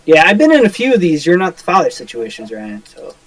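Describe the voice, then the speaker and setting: Young man, joking podcast co-host, playful storyteller, fairly high voice, dry sound. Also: huge pitch swings, fast talker, dry recording, rough recording. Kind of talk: casual chat.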